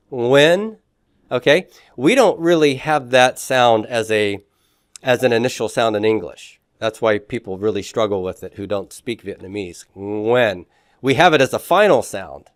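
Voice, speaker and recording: A man teaching a Greek class, repeating sounds slowly and quizzing his students with many fillers. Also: medium pitch, smooth, no echo, studio quality. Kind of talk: classroom lecture.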